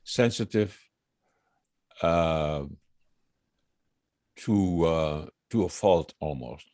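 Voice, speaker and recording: A man in his eighties, a guest singer, reminiscing in casual interview chat, halting with many fillers and chuckling often. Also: deep voice, darkish tone, dry recording, clean studio sound. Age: 80s.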